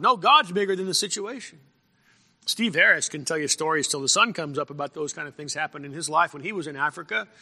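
A man preaching a sermon as pastor, often clearing his throat and restarting his phrases. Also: a little high, pushed and bright, big-room sound. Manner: frequent throat clearing and repeated false starts.

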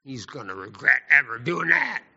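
A man's voice: medium pitch, expressive, moderate pace, creaky, bright, forceful tone, husky, full character voice. A man voicing a vengeful wicked queen in a mock-sweet, threatening way. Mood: scheming. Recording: echoey hall, muffled lo-fi.

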